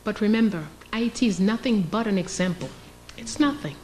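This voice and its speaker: Speaking fairly quickly in an animated, medium-pitched voice with a darkish tone, a woman delivers a fervent public lecture. She stresses her points, acts out scenes and asks rhetorical questions; the rough recording carries slight background noise.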